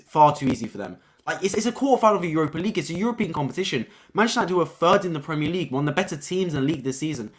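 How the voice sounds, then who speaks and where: A young man with a fairly high pitch reviews football on a live stream, speaking casually and with excitement. He often repeats his points and ends his lines with "man."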